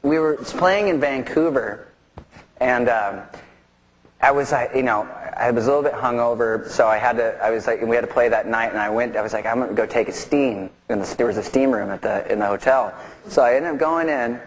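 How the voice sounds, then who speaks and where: A man's voice: medium pitch, a little fast. A man from a band telling a rambling anecdote in an interview, laughing as he goes. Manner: rambling, laughing through the story. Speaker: band member.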